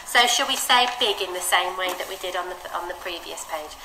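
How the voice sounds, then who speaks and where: A woman teaching reading, guiding a child through a phonics book with encouraging, expressive read-aloud. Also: fairly low pitch, fairly quick. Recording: roomy echo with steady background noise.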